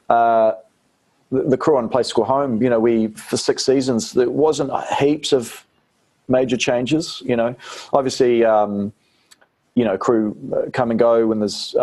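A man's voice: mid-range voice, darkish tone. A man from New Zealand with a New Zealand accent, an actor chatting casually as an interview guest, rambling with fillers and restarts.

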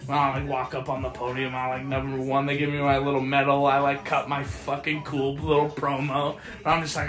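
A man's voice: mid-range voice, a little fast, few pauses, roomy sound, soft background music. A man telling stories in a casual chat, profane and laughing as he goes. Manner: profane, laughing, animated storytelling. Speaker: podcast host.

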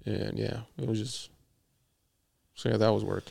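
A man's voice: fairly low pitch, steady tone, unhurried, gravelly, mellow, husky. A young man telling a rambling, profane work story in casual podcast chat, laughing often. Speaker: podcast co-host.

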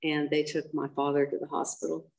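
An older woman with a gravelly, fried edge to her voice and a lowish pitch. She is blunt and candid, telling her life story in an interview, dotted with ums and acted-out quotes. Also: level tone, fairly quick, darkish tone, rough recording.

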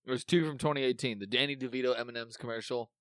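A man's voice: mid-range voice, steady tone, quick pace, a bit bright, no room sound, clean studio sound. A man co-hosting a podcast in casual chat, rambling through memories, swearing freely and losing his thread. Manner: rambling, swears often, trails off mid-thought. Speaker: podcast co-host.

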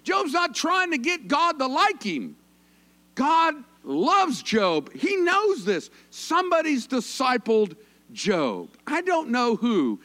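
Pastor, man, folksy joking sermon, high animated voice. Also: takes it slowly. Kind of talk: conversational sermon.

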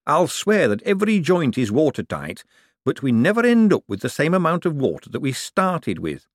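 A man voicing an eager, fussy little male bank economist who talks slowly and earnestly. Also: a little high, wildly swooping pitch, no room sound, studio quality, pitched above the performer's own voice.

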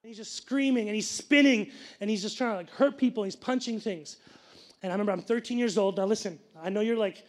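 A young man preaching as a pastor, telling a personal story with lively asides to the congregation. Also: sits high, a little fast. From grew up Sikh, family from India.

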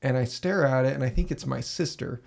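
A man hosts a podcast from a basement room in a gravelly, mid-pitched voice, talking a little fast. He tells his story casually and energetically, swearing as he acts out his own reactions.

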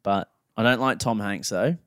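A man's voice: lowish voice, normal speed, fairly bright tone, no room sound, clean studio sound. Blunt Australian man on a podcast. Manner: blunt, swears freely, mimics people in anecdotes. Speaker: podcast co-host. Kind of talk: casual podcast banter and storytelling.

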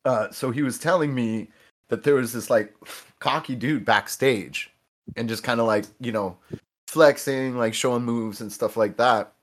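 A man's voice: medium pitch, unhurried. A man in his thirties, swearing freely and stopping often to restart as he tells fighting stories in a casual podcast chat. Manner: animated, profane, with many restarts and quoted voices. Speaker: podcast guest.

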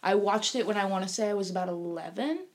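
A young woman co-hosting a podcast in casual chat. She talks in relaxed, teasing banter with a middle-pitched voice. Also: quick pace. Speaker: podcast co-host.

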